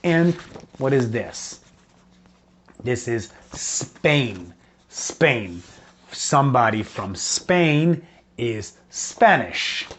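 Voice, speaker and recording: A man teaching English to young children, singing and speaking slowly so they can repeat, switching into to explain. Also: medium pitch, sing-song, a bit bright, a little hiss or hum. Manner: slow, drawn-out words for children to repeat. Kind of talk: children's English lesson with songs. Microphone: video lesson recording.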